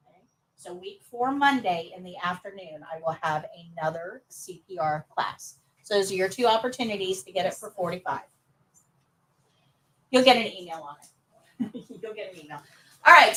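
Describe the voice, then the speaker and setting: A woman's voice: medium pitch, lively intonation, normal speed, sharp tone, far from the mic, low-quality recording. A woman teaching nursing assistant students in a live class, upbeat and coaxing answers from them.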